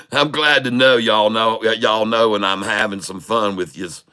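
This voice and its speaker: A man with a drawl rambles through casual livestream commentary on stock trading. His voice is bright and forward, and his humor is folksy and crude, broken up by easy chuckles. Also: fairly low pitch, fairly even intonation, unhurried, clear, resonant tone.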